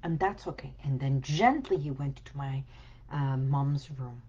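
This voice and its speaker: A woman wellness coach giving a slow, soothing motivational talk, sometimes dropping into soft whispered affirmations. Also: a bass voice, slightly rough, dull audio.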